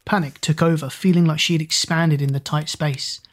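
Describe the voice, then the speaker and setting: A woman narrating an audiobook in a steady, expressive storytelling manner. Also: low-pitched, moderate pace.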